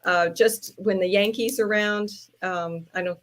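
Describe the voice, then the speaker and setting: A woman with a Southern US accent, chatting as a podcast guest and telling stories in a playful, animated way. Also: medium pitch, moderate pace. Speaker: podcast guest, trainer and speaker. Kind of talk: casual panel chat.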